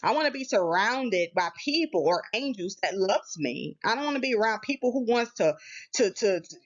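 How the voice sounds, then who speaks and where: A woman talks excitedly and casually to her viewers, her fairly high voice jumping up when she gets worked up. The recording sounds dull and lo-fi. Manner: animated, addresses viewers as y'all. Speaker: channel host. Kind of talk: casual spiritual vlog talk.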